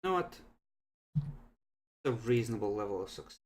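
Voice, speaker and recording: Calm man running a tabletop game. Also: lowish voice, a little fast. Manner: calm, explains rules and narrates outcomes. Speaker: game master.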